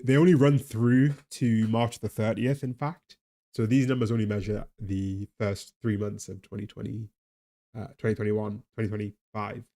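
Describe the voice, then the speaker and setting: A man with a fairly low, warm voice and a slight Geordie accent sounds tired as he chats on a live stream. He laughs and rambles about the economy, speaking to viewers in chat and to a pet.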